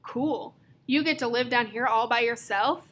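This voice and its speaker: A small know-it-all boy in a storybook reading, as a woman reads him aloud. He speaks in formal, dictionary-like phrases with a slightly high, bright tone. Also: measured pace, slight background noise. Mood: curious. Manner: precise, dictionary-like wording.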